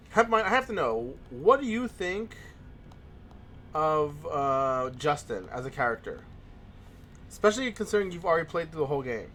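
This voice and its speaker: A man's voice: fairly high pitch, expressive, normal speed, fairly bright tone, a little hiss or hum. A young man hosting a let's play, chatting in a rambling, casual way with frequent restarts. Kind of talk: casual gaming commentary.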